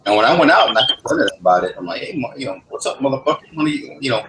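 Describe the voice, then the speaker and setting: A man's voice: medium pitch, big pitch swings, rapid-fire. A man telling an angry, profane story in casual chat, stammering and restarting as he goes. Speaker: gamer in a voice lobby. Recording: echoey room, faint background noise.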